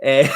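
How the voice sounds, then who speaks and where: Man chatting on a roomy live stream. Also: high-pitched. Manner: rambling, reacting to chat messages, mocking. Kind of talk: casual live-stream chat. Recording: roomy echo.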